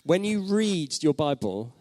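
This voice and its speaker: A man in his thirties delivering a sermon as pastor, his voice sitting fairly high for a man. He speaks reflectively, putting questions to the congregation and repeating phrases to drive them home. The sound is close and dry. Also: big pitch swings, takes it slowly, a little mellow, no echo.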